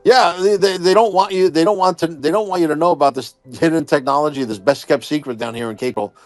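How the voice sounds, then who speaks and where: A man hosting a podcast in casual chat, loud and profane, boastful and rambling with many fillers. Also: on the high side, fast, no room sound, faint music behind. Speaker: podcast host.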